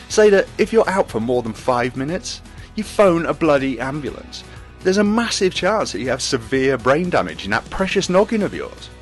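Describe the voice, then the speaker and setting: Male presenter, comic rant, lively pitch. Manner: exasperated, sardonic. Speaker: segment presenter.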